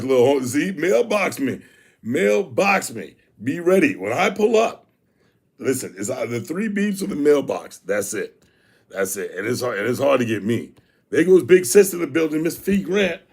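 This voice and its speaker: A man hosting a youth sports show in casual live-stream chat, animated, repeating phrases and shouting out viewers by name. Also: mid-range voice, vocal fry.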